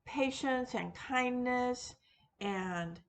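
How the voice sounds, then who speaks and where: A woman with a higher voice speaks slowly and off the cuff to camera as host of a witchcraft video, and she also teaches classes. Her unscripted monologue is full of fillers, restarts, and self-deprecating asides, with a slight hiss or hum in the background.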